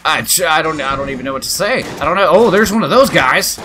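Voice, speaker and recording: A man giving excitable let's play commentary, yelping, swearing and cheering at the game as he plays. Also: a little high, fast talker, faint music behind. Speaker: gaming channel host.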